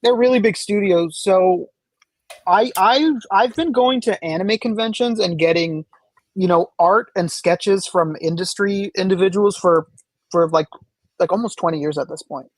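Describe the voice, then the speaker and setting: A man's voice: sits high, moderate pace, no room sound. A man chatting as a podcast guest, rambling through stories with many fillers and restarts. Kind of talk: casual chat.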